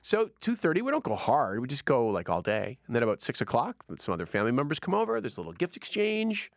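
A man's voice: quick pace, vocal fry, dry recording. A man hosting a casual radio-station chat, telling a story with lots of energy and acting out the quotes. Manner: animated, acts out quotes with big pitch jumps. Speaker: radio host.

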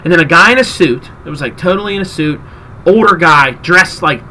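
Man, podcast host, lively storyteller, bright voice, faint noise behind. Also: on the high side, brisk, low-quality recording. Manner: animated storyteller, acts out quotes. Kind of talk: casual chat, storytelling.

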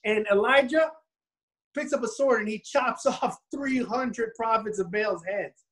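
Man rambling through an animated story. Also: very high-pitched, measured pace, poor audio. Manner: animated, rambling retelling with many restarts. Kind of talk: casual storytelling chat.

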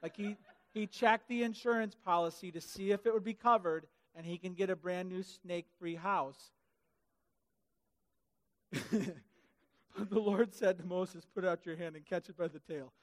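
A man preaching a sermon in a church hall, animated and comic, acting out the Bible characters in funny voices. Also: high-pitched, moderate pace, long pauses. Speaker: pastor. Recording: hall reverb.

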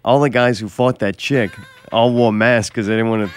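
A man's voice: lowish voice, steady tone, moderate pace. A man co-hosting a casual chat, bantering in a wry, teasing way.

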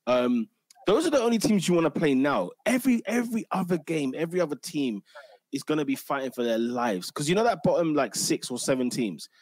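A man hosting a casual football podcast, talking in quick, slangy bursts with many restarts. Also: on the high side, sing-song, a little mellow, dry recording. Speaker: podcast host.

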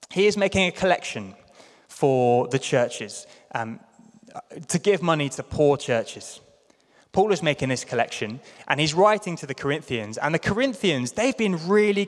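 A fairly high-pitched male voice fills a large church hall as a Londoner with a British accent delivers a sermon. He's conversational and self-deprecating, slipping into playful voices for quotations.

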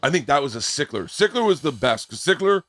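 A man's voice: a little high, sing-song, fast, fairly bright tone, no echo. Rambling, profane male podcast host. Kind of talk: casual chat. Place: tour bus.

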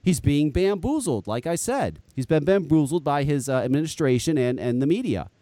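A man's voice: fairly high pitch, normal speed, no room sound. A man hosting a live call-in show in a casual, rambling way, with loose swearing along the way. His voice swings up and down a lot as he talks. The sound is dry and close, with no room around it. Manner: animated, rambling, swears freely. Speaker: podcast host. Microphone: headset.

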